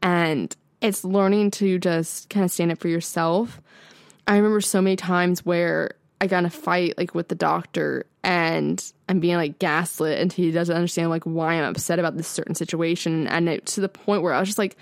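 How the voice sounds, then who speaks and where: A young woman in her twenties co-hosting a podcast in casual chat, talking freely with many "like"s and jumping up in pitch when she retells a story. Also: fairly even intonation, normal speed, creaky, dry recording, clean studio sound. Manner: chatty, fills speech with "like", rises sharply when retelling. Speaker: podcast co-host.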